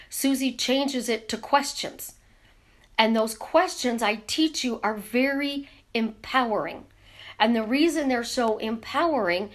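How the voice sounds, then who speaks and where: A woman coaching her viewers in a casual live stream, talking with her hands and firing off rhetorical questions. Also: fairly high pitch. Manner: animated, talks with her hands, asks rapid rhetorical questions. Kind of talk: casual teaching monologue. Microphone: camera in front of her.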